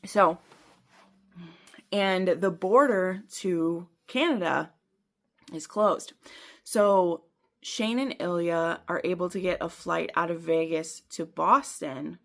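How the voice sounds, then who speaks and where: Speaking slowly in a gravelly voice on the low side, this book channel host chats in a rambling way about what she's been reading. Fillers come up a lot, and she often laughs at herself.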